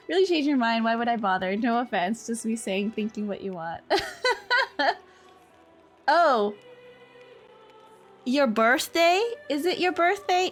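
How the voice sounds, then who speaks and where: Talking loosely with her viewers, this young woman streamer is giggly, easily sidetracked and quick to say sorry. She sounds a little high.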